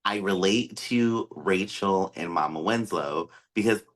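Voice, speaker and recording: A man's voice: low voice, a little slow. A man co-hosting a podcast in casual chat, speaking in a loose, candid way with many fillers. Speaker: podcast co-host.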